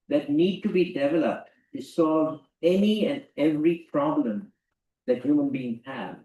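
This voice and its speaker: A man's voice: on the high side, warm tone. A man giving an emphatic lecture to students, often repeating key phrases. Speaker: guest lecturer. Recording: roomy hall, distant mic.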